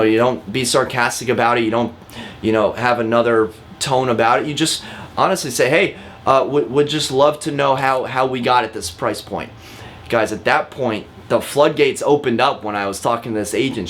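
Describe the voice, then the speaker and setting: A man's voice: medium pitch, fairly bright tone, slight background noise. A man, a real estate agent, giving a casual lesson to camera, talking directly with frequent fillers and repeats. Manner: chatty and direct, often calls viewers guys.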